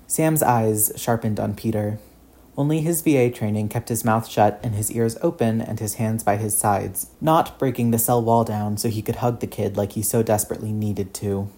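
Man, story narration, measured and even, mellow warm tone. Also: lowish voice.

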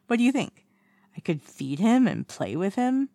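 A woman plays a drunk young man in an audiobook, clingy and teasing. He speaks up higher and louder than the narration, with a gravelly edge. The sound is dry and close. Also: sing-song, moderate pace, dry recording. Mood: drunk playful. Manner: bubbly, teasing, sing-song calls of a name. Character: tipsy, playful young man, boisterous and clingy. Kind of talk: audiobook character voice.

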